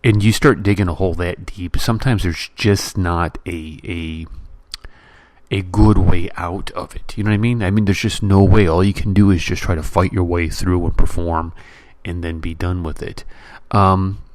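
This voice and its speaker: A man's voice: low-pitched, steady tone, normal speed, a little mellow, no room sound. A man hosting a podcast in a casual, blunt style, full of fillers and restarts, building exasperated exaggerated comparisons. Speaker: podcast host. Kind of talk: casual movie-review rant.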